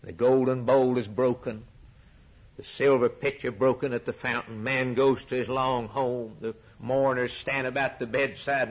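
A male preacher delivering a sermon with rhetorical repetition, rising to soaring emphatic peaks and dropping to hushed low lines. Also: fairly even intonation, moderate pace, breathy edge, low-quality recording.

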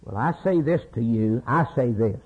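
A man preaches with a husky, breathy voice, hammering points home by repeating phrases. His sermon comes through a thin, phone-like recording with little low end. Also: expressive, normal speed. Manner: emphatic, repeats key phrases, retells scripture with acted voices.

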